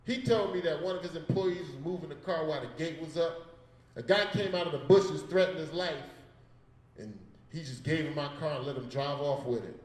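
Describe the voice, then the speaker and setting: A man's voice: fairly high pitch, a little fast, roomy sound, distant mic, low-quality recording. A man doing a stand-up comedy set in a gallery, telling stories on a handheld mic in a loose, profane way and voicing the people in them. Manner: storytelling with voiced characters, profane and laid-back. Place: comedy show in an art gallery.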